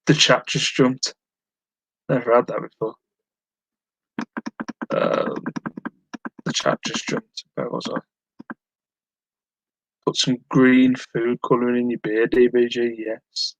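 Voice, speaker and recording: Male live-streamer, mid pitch, rambling and self-mocking, answering chat at home, dry close sound. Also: lively intonation, slow, creaky, long pauses, a bit bright, no echo, rough recording. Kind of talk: casual chat while reading live chat.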